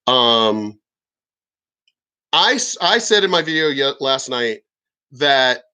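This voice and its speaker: Bright, profane veteran man rambling. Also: high voice. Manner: profane, rambling, with many restarts and throat clearing. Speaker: military veteran vlogger. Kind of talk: casual vlog monologue.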